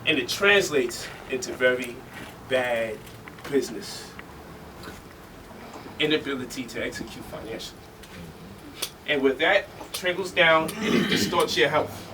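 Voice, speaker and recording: A man telling stories to a live audience in an animated, joking way, laughing often. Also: medium pitch, measured pace, pauses often. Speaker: speaker. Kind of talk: storytelling lecture. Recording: distant mic with faint noise.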